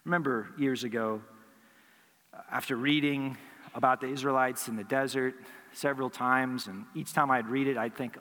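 A man's voice: mid-range voice, normal speed, a bit bright. A man preaching a sermon as pastor, earnest and building emphasis through repeated phrases. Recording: hall reverb.

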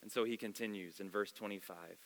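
Male pastor, sermon, expressive storytelling, bright forceful tone, long church hall reverb. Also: lowish voice, a little fast. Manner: expressive storytelling, shifting loud and soft.

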